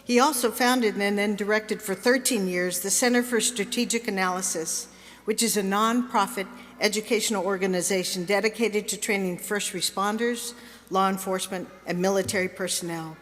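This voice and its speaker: A woman presenter giving a measured, formal introduction of a speaker at a ceremony. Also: mid-range voice, steady tone. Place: large ceremony hall. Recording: long hall reverb.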